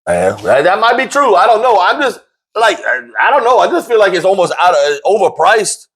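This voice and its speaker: Guy hosting sports talk, high lively voice, jokes around, repeats himself a lot. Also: brisk. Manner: animated, jokey, repeats himself, voice jumps up high when excited.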